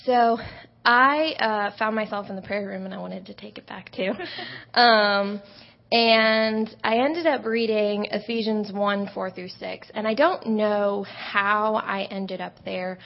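Teen girl, student, personal testimony, gravelly voice, lo-fi recording. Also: medium pitch, fairly even intonation, slow pace. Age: late teens. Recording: dull lo-fi audio.

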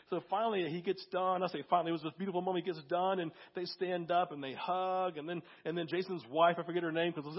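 Guy preaching, bit sick, husky and kinda higher voice, dull lo-fi sound. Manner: storytelling, conversational, acts out quotes. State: a little sick. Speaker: pastor. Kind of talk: sermon.

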